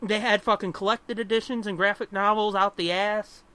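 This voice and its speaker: A man co-hosts a casual podcast, talking in a bright, ringing tone. He rants with plenty of swearing and lively energy. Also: sits high, moderate pace, clear, resonant tone. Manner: profane, animated ranting with laughter. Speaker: podcast co-host. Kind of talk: casual chat.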